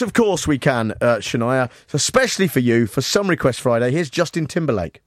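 A talk-radio host reads out listener messages in a dry, deadpan manner. His pitch moves in a lively way, and the studio sound is dry and close. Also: moderate pace, hardly any pauses, dry recording.

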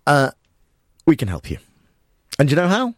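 A man hosting a spoof talk radio show, rambling and hesitant with a deadpan delivery. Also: fairly high pitch, normal speed, no room sound, studio quality. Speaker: radio host.

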